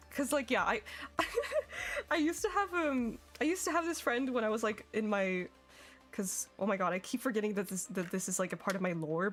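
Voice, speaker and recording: A young woman streaming a game, chatting casually and giggling as she reads her chat. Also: mid-range voice.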